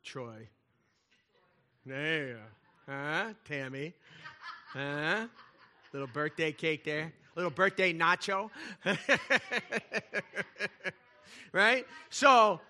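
A pastor with a fairly high-pitched voice preaches a sermon in a conversational, animated style. He tosses in playful asides and often checks in with the congregation.

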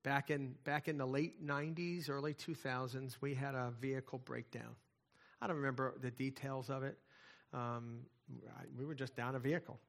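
A middle-aged male pastor preaching in a conversational way, moving from hushed asides to loud, fervent passages. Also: medium pitch, flat delivery, moderate pace. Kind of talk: sermon.

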